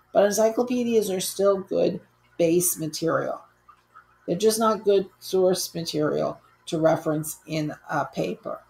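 A woman's voice: on the low side, vocal fry, rough recording. A woman college instructor giving a recorded online course lecture in a conversational, easygoing way, with frequent fillers and restarts.

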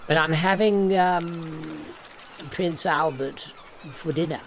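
A bantering upper-class male dinosaur, voiced by a man in a comedy skit. He speaks in a slightly high, plummy tone and sounds cantankerous and teasing. There is clear background noise behind him. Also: slow pace. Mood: posh, teasing. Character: posh cantankerous male aristocrat T-Rex. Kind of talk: comedy phone call skit.

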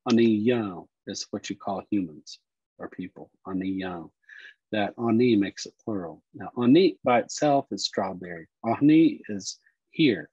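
A man teaching Cherokee words and culture, explaining slowly and repeating each word. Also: lowish voice, a little mellow, slightly rough, no room sound, lo-fi sound. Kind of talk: explanatory lesson talk.

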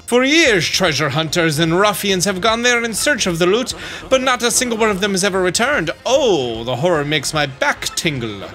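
A man's voice: high voice, big pitch swings, normal speed, pushed and bright, heavily acted. A man voicing a flamboyant, self-important sailor-merchant in a vague mixed foreign accent, speaking in a theatrical, grandiose way. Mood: dramatic boasting. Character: pompous flamboyant male sailor-merchant braggart.

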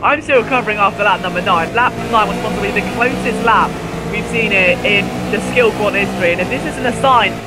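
A man calls a sim race live with a very high, thin voice that climbs even higher when cars trade places. His voice is wearing hoarse from the excitement, and music runs clearly underneath him. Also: brisk. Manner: excitable, rising to near shouts at overtakes. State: voice going hoarse. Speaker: sim racing commentator.

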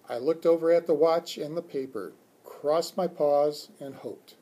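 A man reading a children's chapter book aloud for a school, expressive and doing character voices. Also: on the high side, a little slow. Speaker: school read-aloud reader.

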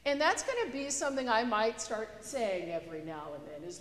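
Woman pastor, relaxed conversational preacher, slightly high voice, echoey church recording. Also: fairly quick. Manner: conversational, storytelling with a joke. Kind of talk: sermon. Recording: echoey church with long reverb.

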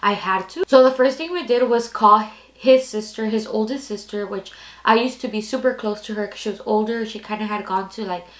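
A woman's voice: mid-range voice, brisk. Candid young woman telling a story. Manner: candid, rambling, heavy use of "like". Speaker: storytime vlogger. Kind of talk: casual personal storytelling. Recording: echoey room.

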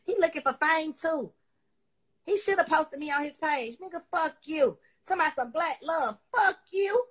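A woman's voice: sits high, moderate pace. A woman ranting angrily on a phone live stream, cursing constantly and repeating herself as she confronts her critics. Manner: heated, cursing, repetitive and confrontational. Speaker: social media personality on a live stream. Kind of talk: profane angry rant on a live stream.

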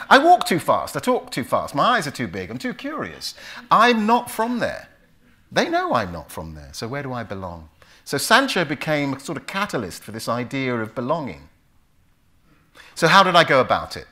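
An author in his fifties from England addresses a club event audience, his London accent clear in a mid-range voice at normal speed. It's a storytelling speech, delivered animatedly with the characters' voices acted out.

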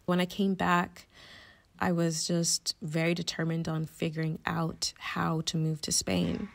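Woman guest telling her story, kinda low voice, takes her time, laughs a lot and acts out her reactions. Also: little pitch movement, measured pace, creaky. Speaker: podcast guest. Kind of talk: personal storytelling.

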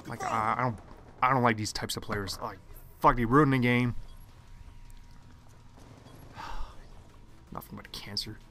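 A young man commenting on his own online shooter match, muttering to himself one moment and yelling curses the next. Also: mid-range voice, steady tone, measured pace, long pauses, slight background noise. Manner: swings from muttering to loud swearing rants. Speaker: gaming commentator. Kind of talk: live gameplay commentary.

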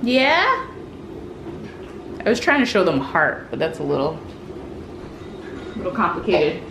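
A woman's voice: fairly low pitch, sing-song, unhurried, gravelly, echoey room, noisy background. A young woman vlogging at home, chatting to camera and coaxing her toddlers in a sing-song baby-talk voice. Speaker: vlogger and mother of triplets. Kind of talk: casual home vlog, talking to camera and toddlers. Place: home kitchen indoors.

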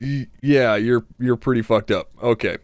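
A man's voice: medium pitch, normal speed, darkish tone, dry recording, clean studio sound. A young man doing crude, joking let's play commentary, laughing and talking back to game characters. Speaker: gamer.

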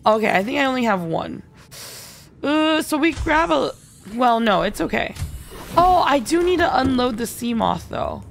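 A woman's voice: high voice, very animated, moderate pace, gravelly, slight background noise. A woman streaming a game live, chatty and giggly, thinking aloud and answering viewer chat. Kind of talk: live gameplay commentary.

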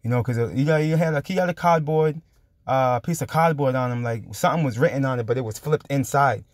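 A man's voice: medium pitch, fast talker, no echo. A man delivers a casual, fervent testimony in a mid-range voice, peppering it with street slang and constant "you know" and "I'm like" fillers. The recording is close and dry, with no room sound. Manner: fervent, spirited retelling. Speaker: preacher.

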